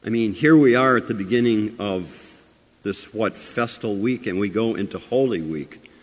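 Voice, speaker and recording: A man with a fairly low voice delivers a sermon, asking his listeners rhetorical questions. He swings from loud, emphatic phrases to hushed asides. His voice rings with the long reverb of a large church. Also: normal speed. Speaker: pastor.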